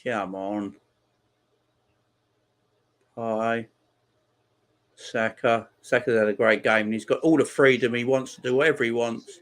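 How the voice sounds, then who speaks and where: A man's voice: fairly even intonation, unhurried, long pauses. A man hosting a live football watchalong, giving casual commentary and chatting back to viewer comments. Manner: reacts loudly to chances on the pitch. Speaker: watchalong host.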